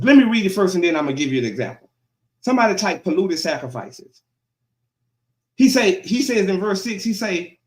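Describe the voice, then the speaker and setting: A male pastor preaching a sermon in a church, colloquial and lively, calling out to his congregation for response. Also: high-pitched, moderate pace, long pauses, reverberant. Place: church sanctuary.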